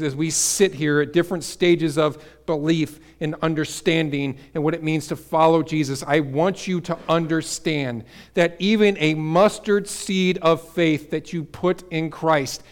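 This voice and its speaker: A man preaching a sermon to a congregation, building to emphatic peaks and dropping to quiet asides, asking the listeners questions. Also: a little high. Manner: energetic, rises to emphatic peaks then drops to quiet asides. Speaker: pastor.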